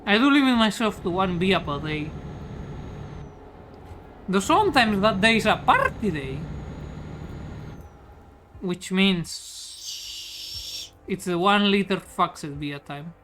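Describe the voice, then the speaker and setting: Tipsy woman chatting on stream, cursing lots, loud truck game hum underneath. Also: medium pitch, animated, slow pace, pauses often. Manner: rambling, swears often. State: tipsy from beer. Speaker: livestreamer. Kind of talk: casual gaming stream chat. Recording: game engine noise behind voice. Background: truck driving game sounds.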